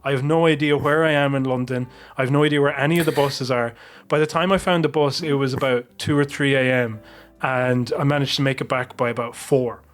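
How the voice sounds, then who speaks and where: A man's voice: mid-range voice, fairly even intonation, fairly quick. A man on a podcast telling a long, rambling anecdote with plenty of swearing. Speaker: podcast co-host. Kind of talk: casual podcast chat.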